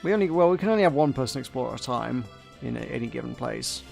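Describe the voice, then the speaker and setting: A man's voice: mid-range voice, expressive, fast talker, vocal fry, a little mellow, soft background music. A man playing a video game with a friend, chatting casually and reading the on-screen game text aloud. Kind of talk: casual let's-play chat.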